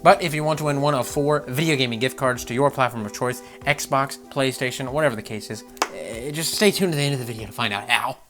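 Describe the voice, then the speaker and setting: A man hosting a gaming channel, ranting about game news with swearing and laughter, jumping from loud outbursts to low mutters. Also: quick pace, few pauses, music in the background. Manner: animated, profane, laughing, swings between loud outbursts and mutters.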